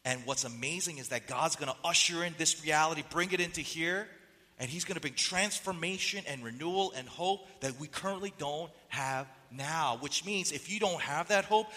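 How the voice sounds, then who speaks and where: A man's voice: fairly high pitch, a little fast, sharp tone, big-room sound. A man preaching a sermon as pastor, with a nasal voice, pressing the congregation with rhetorical questions and reading quotes aloud. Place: church sanctuary.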